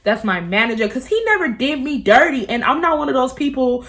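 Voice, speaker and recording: A woman in her twenties telling a storytime vlog, animated and full of profanity as she gossips. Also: sits high, brisk. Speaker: beauty vlogger.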